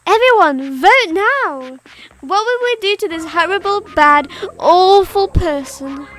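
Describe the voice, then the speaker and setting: A gleefully cruel girl host of a game show, mocking and coldly sweet, as a woman reads her lines aloud. Her voice sits very high and sing-song, teasing her victim. Faint game music plays underneath. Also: expressive, slow, fairly bright tone, heavily acted. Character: cheerful sadistic girl hosting a show. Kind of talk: reading game dialogue aloud.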